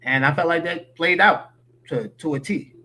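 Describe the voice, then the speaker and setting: A man's voice: on the high side, moderate pace, sharp tone. A man giving opinionated, slangy sports talk as a podcast guest.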